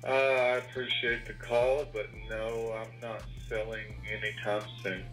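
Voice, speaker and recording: A man's voice: medium pitch, flat delivery, a little slow, fairly bright tone, faint music behind, low-quality recording. A man answering a cold call at work, replying briefly and politely. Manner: brief, polite, slightly distracted. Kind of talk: phone conversation.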